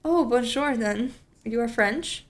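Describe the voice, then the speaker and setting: A woman's voice: a little high, slow pace. A woman voicing a cheerful middle-aged Greek man who runs a restaurant, speaking in a friendly, chatty way.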